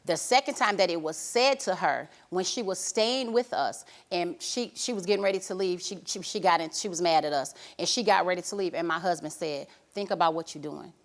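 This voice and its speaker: A woman's voice: on the low side, brisk, hardly any pauses. A middle-aged woman, a grandmother, defending herself insistently to her daughter on a talk show. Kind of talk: family argument.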